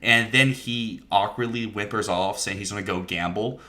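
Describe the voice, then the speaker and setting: Bright-voiced man chatting about films. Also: lowish voice, normal speed. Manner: enthusiastic, laughs often while talking. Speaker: podcast guest. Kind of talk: casual podcast film discussion.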